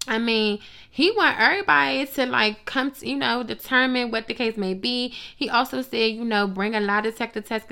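A woman giving blunt, profane, sassy commentary on reality TV gossip, with animated asides. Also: on the high side, vocal fry, clean tone. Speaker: gossip vlogger.

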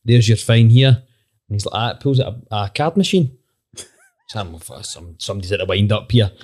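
A man's voice: fairly low pitch, animated, moderate pace, darkish tone. Wry man telling an anecdote. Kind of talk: casual storytelling chat.

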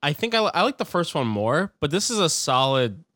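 A man's voice: on the high side, big pitch swings, normal speed, a bit bright, dry recording. A man co-hosting a movie-review podcast in loose, rambling chat. He uses many fillers and chuckles between thoughts. His voice is recorded close and dry, with no room sound. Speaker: podcast co-host.

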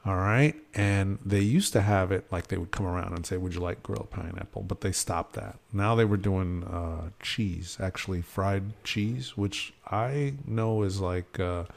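Casting: male podcast host, low gravelly voice, chatty storyteller who acts out every quote. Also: measured pace, hardly any pauses. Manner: animated storyteller, acts out quotes, many fillers. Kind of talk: casual chat.

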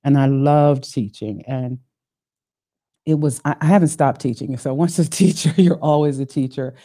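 A woman in her later years hosting her own podcast, telling her life story in an animated way with frequent laughter. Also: very deep voice, moderate pace. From Ohio, United States. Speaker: podcast host. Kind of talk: solo podcast monologue.

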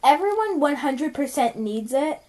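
A woman's voice: high-pitched, animated, normal speed, darkish tone. A young woman co-hosting a casual chat, playful and self-declared dramatic. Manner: playful, dramatic, laughs often.

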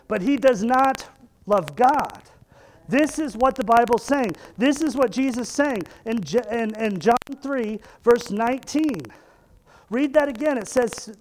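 A man's voice: very high-pitched, slight background noise, low-quality recording. A man in his thirties preaching a sermon, emphatic and repeating phrases for stress. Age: 30s. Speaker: pastor.

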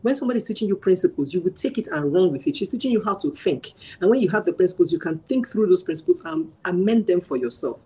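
Fast-talking, animated woman telling stories. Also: lowish voice, husky, rough recording. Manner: animated storyteller who acts out dialogue and laughs often. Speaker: guest sharing a parenting program experience. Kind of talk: casual testimonial chat.

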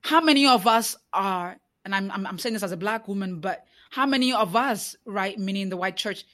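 In a conversational interview, a woman with a medium-pitched, fairly bright voice speaks at a moderate pace, full of fillers and restarts, building into an impassioned preaching cadence with repeated rhetorical questions.

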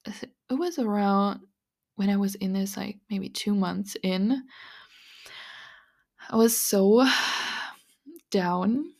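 A woman hosting a podcast, talking through spiritual advice in an earnest, confiding way, with many "like"s and soft breathy asides. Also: mid-range voice, drawn-out words, pauses often. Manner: earnest, confiding, full of "like" and "you know". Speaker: podcast host. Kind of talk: casual spiritual monologue.

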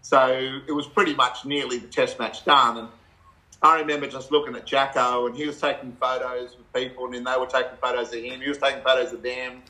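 A middle-aged Australian man, a guest in a casual chat, telling animated stories with laughs and acted-out quotes. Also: medium pitch, brisk, low-quality recording.

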